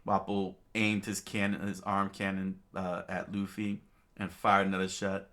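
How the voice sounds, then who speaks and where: A man casually reading a comic aloud, halting often with fillers and restarts. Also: sits low, monotone, fairly bright tone. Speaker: reader of a comic.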